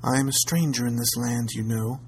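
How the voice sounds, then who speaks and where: A man reading a story aloud and voicing a pale, troubled young lady who pleads in a raised, higher voice. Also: fairly even intonation, a little fast, a little hiss or hum, lightly acted. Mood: pleading. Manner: pleading, raised and higher than his narration.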